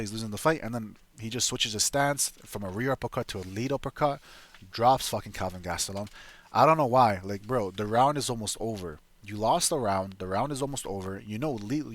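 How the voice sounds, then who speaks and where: A man giving casual, profane MMA betting predictions, rambling and restarting his sentences. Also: lowish voice. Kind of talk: casual solo fight predictions.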